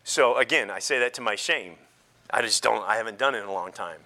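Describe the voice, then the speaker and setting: A man pastor preaching a sermon in an animated way, joking and laughing with the congregation. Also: mid-range voice, a little fast.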